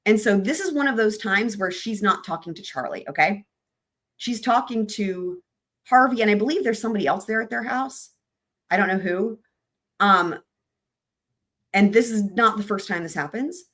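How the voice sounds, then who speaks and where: A woman's voice: medium pitch, normal speed, fairly bright tone. A woman hosting a true crime live stream, chatting loosely with her viewers in a rambling, casual way.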